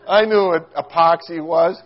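Animated storytelling preacher, slightly high voice. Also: male voice, a little slow, lo-fi sound. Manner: animated, self-mocking, acts out quotes with squeals and shouts. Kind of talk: sermon storytelling.

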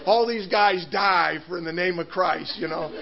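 A man's voice: sits high, moderate pace, gravelly, dull audio, crowd noise. A man preaching a sermon, telling a story with laughs and restarts before turning to scripture. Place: church hall.

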